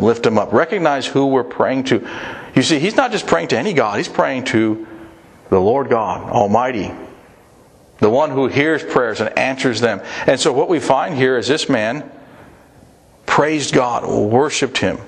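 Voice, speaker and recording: Earnest man preaching conversationally. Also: mid-range voice. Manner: earnest, conversational preaching with direct questions to listeners. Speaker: pastor. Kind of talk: sermon.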